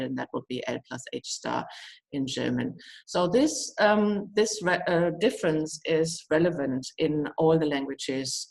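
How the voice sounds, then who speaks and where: A woman's voice: low-pitched, creaky, low-quality recording. A woman giving an academic lecture, explaining step by step with many fillers and restarts. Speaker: guest lecturer.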